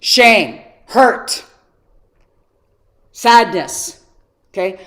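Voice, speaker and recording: Brief: woman coach, higher voice, lively storyteller teaching online. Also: moderate pace. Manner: animated storytelling, rhetorical questions. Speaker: personal development coach.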